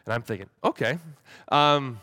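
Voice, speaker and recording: A young man tells a story in a halting way, repeating words as he goes. His voice sits at an ordinary pitch. The sound is close and dry, with no room around it. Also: bright, forceful tone, no echo. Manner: acts out quoted voices animatedly. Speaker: speaker at a church gathering. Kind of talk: storytelling talk.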